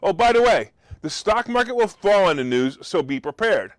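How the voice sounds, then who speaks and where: Sarcastic high-voiced man ranting. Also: big pitch swings, normal speed, no echo. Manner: sarcastic, mocking, rising to incredulous peaks. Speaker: talk show host. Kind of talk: opinionated monologue.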